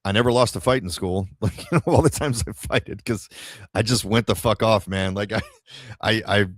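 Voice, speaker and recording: A man with a deep, low voice tells a long personal story as a podcast host, loose and chatty with lots of "like"s and swearing. The sound is dry and close, with almost no room echo. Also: moderate pace. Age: adult father of a toddler. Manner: rambling, filler-heavy, with frequent swearing. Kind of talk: casual storytelling to a live audience.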